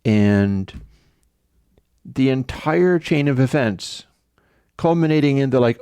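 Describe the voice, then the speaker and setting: A man's voice: medium pitch, takes it slowly, creaky, pauses often, mellow, dry recording. A man hosting a livestream, telling a story in a rambling, conversational way. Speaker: livestream host. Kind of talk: casual livestream chat.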